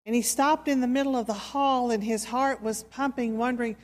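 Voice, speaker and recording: A woman's voice: on the high side, steady tone. Woman preacher telling a sermon story. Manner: slow, soft, dramatic storytelling. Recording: reverberant hall.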